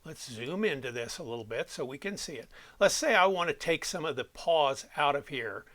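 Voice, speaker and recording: A man's voice: a little high, expressive, normal speed, a bit bright. A man explaining audio editing step by step, as an instructor walking students through a tutorial. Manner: plain step-by-step explaining, self-correcting.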